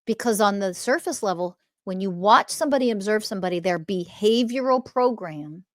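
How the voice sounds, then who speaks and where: A woman's voice: medium pitch, animated, a little fast, no echo, studio quality. A woman hosting a podcast as a spiritual teacher, ranting bluntly with frequent swearing and scornful asides. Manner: profane, emphatic and scornful, mocking voices in quotes.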